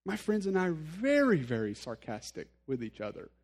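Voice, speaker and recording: This male pastor's fairly high, darkish voice swoops wildly in pitch as he preaches at normal speed. His sermon is conversational and earnest, with self-deprecating humor and direct address to the congregation.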